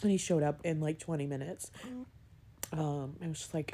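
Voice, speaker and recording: A woman's voice: deep voice, fairly even intonation, quick pace, dark tone, slight background noise. A young woman vlogging candidly as a new mom, emotional and close to tears, her voice wavering and sometimes dropping to a whisper. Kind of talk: candid personal vlog.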